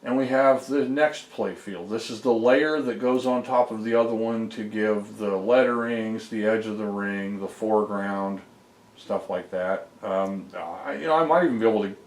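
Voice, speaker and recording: A man's voice: fairly low pitch, moderate pace, reverberant. A man, a homebrew game developer, casually walks through his game code. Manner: rambling, explains code step by step with fillers. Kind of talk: casual screen-recorded dev vlog.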